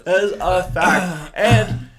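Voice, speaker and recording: A man's voice: sits high, takes it slowly, a loud crowd. A young man telling crude anecdotes in casual comedy podcast banter, laughing through his lines. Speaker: podcast guest.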